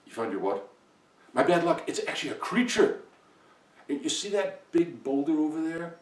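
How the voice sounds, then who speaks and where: A man's voice: on the high side, sing-song, moderate pace. Hard-luck male farmer, exasperated, voiced by a male storyteller; distant, roomy sound. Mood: confiding. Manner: exasperated, pleading outbursts. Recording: echoey room from far off.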